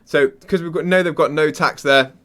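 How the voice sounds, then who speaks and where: Young male vlogger, raised pitch, passionate off-the-cuff rant, trips over words. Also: steady tone, normal speed, fairly bright tone. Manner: rambling, restarts sentences, searches for words. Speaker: crypto channel host. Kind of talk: casual excited commentary to camera.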